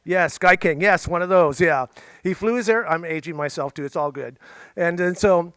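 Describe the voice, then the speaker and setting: A man's voice: sits high, moderate pace, fairly bright tone, clean tone, no echo. A middle-aged man telling a story casually to a library audience, chatty and jokey with playful asides. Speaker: musician and storyteller. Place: library event room.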